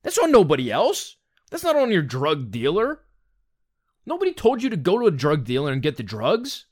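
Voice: medium pitch, huge pitch swings, moderate pace. Blunt, exasperated ranting commentator. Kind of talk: opinion rant monologue.

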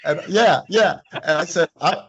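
Husky, animated man telling stories. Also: medium pitch, unhurried, dull audio. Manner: animated, acts out voices in anecdotes. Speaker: business owner, guest. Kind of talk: casual interview storytelling.

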